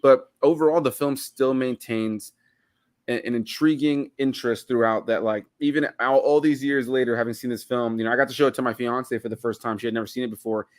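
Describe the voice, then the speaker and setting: A man's voice: medium pitch, steady tone, a little fast, no echo, clean studio sound. A man in his thirties from Miami, a guest reviewing a film in casual chat, rambling with lots of "like" and "you know". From Miami, United States.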